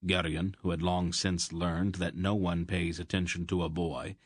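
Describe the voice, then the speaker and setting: Male audiobook narrator: low, husky, dry close recording. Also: flat delivery, moderate pace, no room sound. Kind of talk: scripted fantasy narration.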